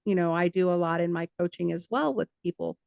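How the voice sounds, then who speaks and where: Woman podcast host; affirming and reflective, gravelly texture, dry close sound. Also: fairly low pitch, quick pace, darkish tone, dry recording. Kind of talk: podcast conversation.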